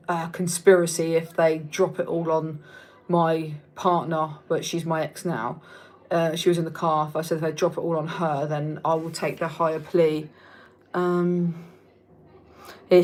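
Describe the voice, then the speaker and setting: A woman in her thirties with a southern English accent, talking casually to a livestream audience. She is frank and chatty, swears freely, and drifts off her thread now and then. Her voice sits a little low. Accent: Reading, southern English. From England. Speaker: livestream host. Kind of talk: casual livestream chat reading viewer comments.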